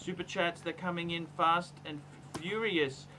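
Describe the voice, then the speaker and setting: A man with a high, bright voice hosting a casual livestream. He is effusive and chatty as he reads out viewer messages. A faint noise sits under his voice. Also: fairly even intonation, a little slow, rough recording. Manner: effusive, reads out super chats. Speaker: livestream host.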